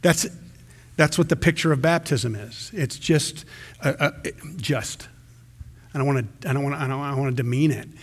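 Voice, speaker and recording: A male pastor preaching a sermon in a conversational, animated way, often restarting his sentences. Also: medium pitch, normal speed, breathy edge.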